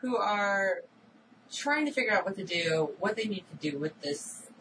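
A woman co-hosting a casual recap chat about a TV episode, animated and acting out characters' lines. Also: mid-range voice, moderate pace. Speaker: podcast co-host. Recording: distant mic with audible background noise.

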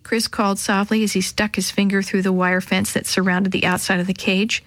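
A woman reading a children's story aloud in a clear, even narration. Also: medium pitch, fairly quick, few pauses, no room sound. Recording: dry close sound.

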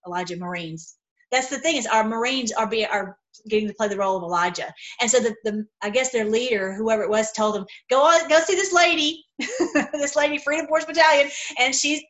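A woman hosting an online video, retelling a story in an animated, emphatic way, often restarting her sentences. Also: medium pitch. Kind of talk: casual storytelling talk.

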